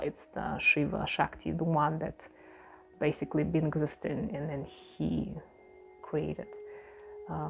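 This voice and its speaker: Soft-spoken woman yoga teacher. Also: low voice, creaky, breathy edge. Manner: soft-spoken, alternates reading aloud with loose explanation, light laughs. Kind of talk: spiritual lecture reading and explaining a text.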